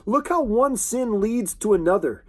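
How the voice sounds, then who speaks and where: Man, preacher, earnest sermon, halting and repetitive, fairly high-pitched. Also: animated. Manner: earnest, halting delivery with frequent restarts and fillers.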